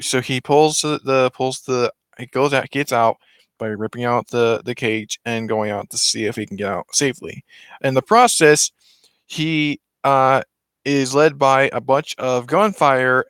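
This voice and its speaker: A man's voice: mid-range voice, fairly bright tone, clear, resonant tone, no echo, studio quality. A man casually retelling a film's story, rambling with many restarts and self-corrections. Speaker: vlogger.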